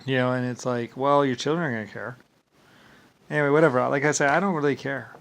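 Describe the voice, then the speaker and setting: A man's voice: medium pitch, fast, gravelly, a bit bright. A man vlogging in a rambling casual monologue, full of filler words and repeated words, with dismissive shrugging asides.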